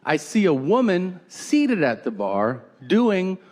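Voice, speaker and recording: A man's voice: high voice, slow pace. A man doing stand-up, telling an odd story in a chatty way and talking to the crowd. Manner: animated, conversational with the crowd. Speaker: stand-up comedian.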